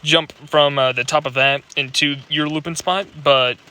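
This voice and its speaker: A man's voice: fairly high pitch, fairly even intonation, normal speed, smooth. A young man giving casual gameplay commentary as a reaction host, coaching the player and stumbling over repeated fillers. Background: loud game music.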